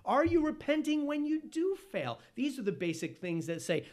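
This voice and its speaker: A man preaching a sermon as pastor, asking the congregation questions and swinging from loud exclamations to hushed asides. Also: very high voice, sing-song, normal speed, hardly any pauses.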